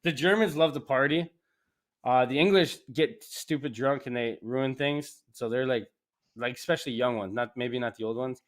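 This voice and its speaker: A man from Canada chatting casually as a podcast host, rambling and animated, laughing often. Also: mid-range voice, normal speed. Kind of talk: casual chat.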